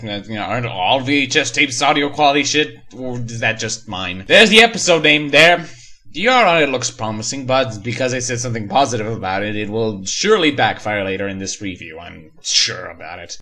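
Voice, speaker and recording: Bright-voiced sarcastic male reader. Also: mid-range voice. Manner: sarcastic, mocking asides. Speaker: story reader and reviewer. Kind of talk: comedic creepypasta reading.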